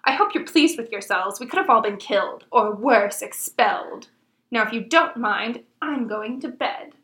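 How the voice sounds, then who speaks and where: A woman voicing a bossy, know-it-all young schoolgirl witch, talking primly and fast. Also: a little high, lively intonation, a bit bright, reverberant. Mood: scolding. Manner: prim, rapid, eager.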